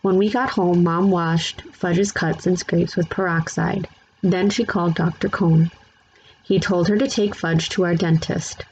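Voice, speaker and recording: A woman reading a children's chapter book aloud in steady, plain narration. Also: fairly low pitch, lo-fi sound, a little hiss or hum. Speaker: storybook reader.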